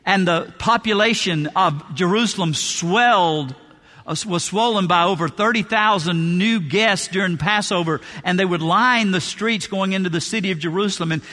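Pastor preaching in a big reverby church, high bright voice, keeps repeating lines for punch. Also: male voice, moderate pace. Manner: preaching with emphatic repetition. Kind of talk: sermon. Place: church sanctuary.

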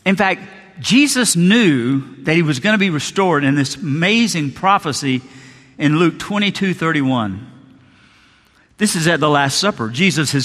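A man's voice: fairly high pitch, lively intonation, measured pace, fairly bright tone, in a large hall. A male pastor preaching a sermon in a church, telling Bible stories earnestly and acting out the quotes. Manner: earnest storytelling, acts out biblical quotes.

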